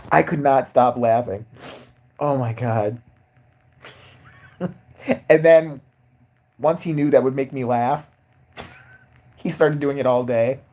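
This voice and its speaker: A man's voice: mid-range voice, slow, pauses often, a little mellow. A man chatting casually on a livestream, crude and joking as he reacts to the chat. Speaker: live streamer.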